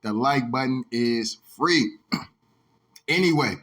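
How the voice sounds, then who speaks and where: Guy ranting on his football vlog, bright pushy voice, heated and profane, says dog a lot. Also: medium pitch, slow. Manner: heated, repetitive, profane, keeps saying "dog". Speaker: sports vlogger. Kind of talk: ranting sports commentary.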